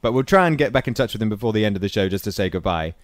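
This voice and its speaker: A man's voice: lowish voice, expressive, racing, no echo. A man from England hosting a casual podcast chat about films, chatty and laughing often. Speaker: podcast host.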